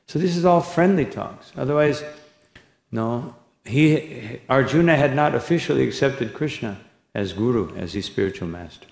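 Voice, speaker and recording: A monk lectures on scripture in an expressive, gravelly, slightly mellow voice of medium pitch, at a moderate pace. He rambles, often tagging lines with "no?" and "you know," and recites Sanskrit verses, recorded with echo in a temple hall.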